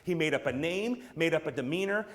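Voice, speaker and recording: A high-pitched American man delivers a punchy keynote talk to a room full of people. He throws rhetorical questions at the crowd and swings into theatrical asides, keeping his voice lifted and expressive throughout. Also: fairly quick. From United States. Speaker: brand strategist, speaker. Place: room with an audience.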